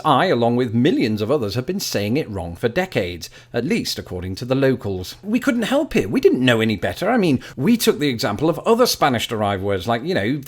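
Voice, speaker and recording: Wry British man with a lively voice. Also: medium pitch. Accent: British English. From Britain. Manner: dry, wry and self-mocking. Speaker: YouTube host. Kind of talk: scripted comic narration.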